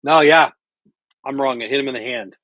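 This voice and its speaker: A middle-aged man hosting a baseball watch party livestream from home, chatting casually and calling the plays with excitement. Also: mid-range voice, fairly quick, no room sound. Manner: chatty, thinks out loud, calls plays excitedly. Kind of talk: casual live baseball commentary.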